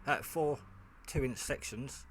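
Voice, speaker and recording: A man's voice: medium pitch, slow pace. A tired man in a casual home-build vlog, talking in a rambling, chatty way with many fillers while he works. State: tired, half asleep. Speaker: hobbyist maker. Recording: faint background noise and clicks.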